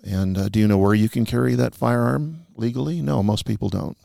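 A man's voice: mid-range voice, a little fast, creaky, dark tone, dry recording, clean studio sound. A man, a firearms instructor, speaking earnestly and emphatically as a podcast guest. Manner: earnest, emphatic about responsibility. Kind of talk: conversational podcast talk. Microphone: studio podcast mic.

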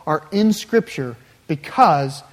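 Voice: mid-range voice, animated, slow. Emphatic preacher, mid-range voice, builds with repetition; big reverberant hall. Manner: emphatic, builds with repeated phrases. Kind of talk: sermon.

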